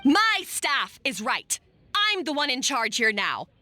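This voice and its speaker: A furious head chef in an anime game who berates her staff in a high, bright voice that swings widely. She shouts her scorn with a bossy edge. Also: big pitch swings, slow, faint music behind, full character voice. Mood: scornful. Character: harsh bossy female head chef, young adult.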